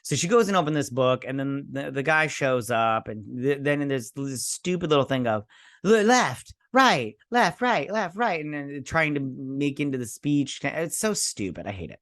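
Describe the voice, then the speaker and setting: A man's voice: medium pitch, normal speed, few pauses, fairly bright tone, dry recording, clean studio sound. A man hosting a casual video review, ranting bluntly and scornfully, swearing, stumbling over restarts and fillers. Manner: frequent restarts and filler stammers. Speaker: show host.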